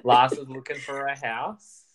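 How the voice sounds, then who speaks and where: Man, podcast co-host, casual chat, laughs a lot, mid pitch. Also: little pitch movement, measured pace. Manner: chatty, laughs often, uses fillers. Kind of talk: casual reality TV recap chat.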